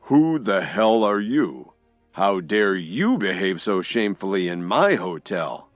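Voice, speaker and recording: A man voicing a fierce, furious hotel owner in an audio drama, shouting his lines. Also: low-pitched, big pitch swings, slow pace, dry recording, faint music behind, heavily acted.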